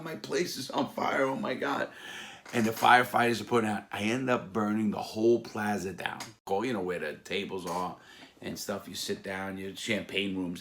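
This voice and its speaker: A man telling stories from his past in a casual, animated way, acting out other people's voices with sudden loud outbursts. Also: fairly low pitch. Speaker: former mob associate telling stories. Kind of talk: casual storytelling.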